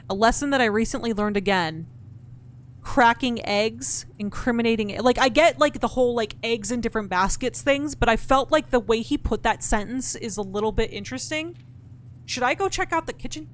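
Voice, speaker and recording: A fairly high-pitched woman live-streaming a puzzle game, swearing freely and talking straight to her viewers and to the game's characters. She thinks aloud in fits and starts, with a faint hum behind her voice. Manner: talks to chat and game characters directly. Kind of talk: live-streamed gameplay chat.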